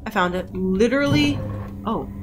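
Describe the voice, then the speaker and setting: A woman's voice: mid-range voice, lively intonation, moderate pace. A young woman streaming a horror game from home, swearing often and shrieking in fright. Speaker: gaming streamer. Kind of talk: live gameplay commentary. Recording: game music playing behind.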